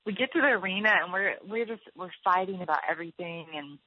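A woman guest telling an emotional personal story in an animated way, acting out the dialogue and laughing often. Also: on the low side, quick pace, no room sound, dull audio. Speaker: guest author.

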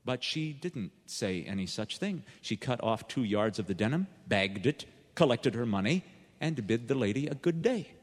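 Deadpan male storyteller in an echoey hall. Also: mid-range voice, moderate pace. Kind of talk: dry humorous storytelling.

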